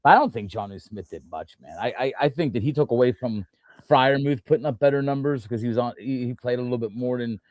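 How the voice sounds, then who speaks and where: A man's voice: mid-range voice, fast talker, a little mellow, no room sound, highs cut off. A man hosting a casual sports talk show, rambling through his points with frequent restarts and fillers. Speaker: podcast host.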